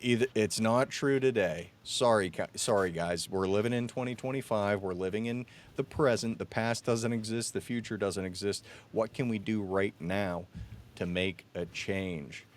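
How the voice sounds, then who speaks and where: A man's voice: on the low side, normal speed. A man hosting a podcast, talking in an emphatic, ranting way and often calling his guest "dude". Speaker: podcast host. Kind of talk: casual podcast chat. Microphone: own podcast mic, remote call.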